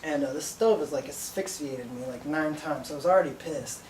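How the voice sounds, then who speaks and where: A sleep-deprived man telling a rambling stand-up story in a deadpan way, recorded live in a small venue from a distance. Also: fairly high pitch, fairly quick, a little hiss or hum. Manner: rambling, deadpan, breaks into laughter. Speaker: stand-up comedian. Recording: echoey room from far off.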